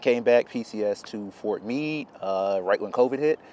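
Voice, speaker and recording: Hoarse low-voiced man in his thirties. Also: moderate pace, slight background noise. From Charlotte, North Carolina. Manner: relaxed, laughs between stories, uh-filled. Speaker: guest, Air Force intelligence officer. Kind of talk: casual interview.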